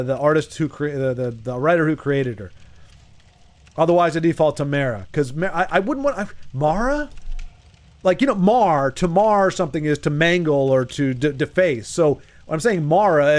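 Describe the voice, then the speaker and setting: Male streamer, slightly higher-pitched voice, loose and jokey, rambling to chat mid-game. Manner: joking, rambling, talks to chat. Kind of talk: casual gameplay commentary.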